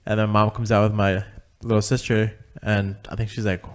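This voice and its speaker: A man's voice: fairly low pitch, level tone, normal speed. A young man co-hosting a podcast, telling a family story in a laid-back, joking way and acting out the quotes. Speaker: podcast co-host. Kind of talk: casual storytelling chat.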